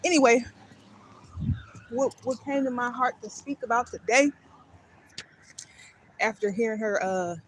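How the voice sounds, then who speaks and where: This slightly high-voiced woman speaks a little slowly, leaving long pauses, with a bit of hiss or hum in the audio. She's a vlogger livestreaming on a handheld phone as she walks her dog outside at night, rambling and breaking off to call the dog.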